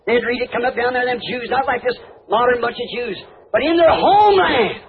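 A man preaching a sermon in a fervent, folksy way, with rustic grammar and sudden high shouts. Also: flat delivery, fairly quick, crowd noise. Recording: tinny lo-fi old tape with faint hiss.

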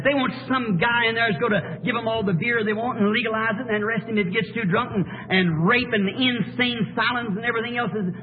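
A man preaching an impassioned sermon in folksy, plain-spoken phrasing, swinging from quiet pleading to shouting. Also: extremely high pitch. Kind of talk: fiery sermon. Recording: tinny, echoey old hall sermon tape.

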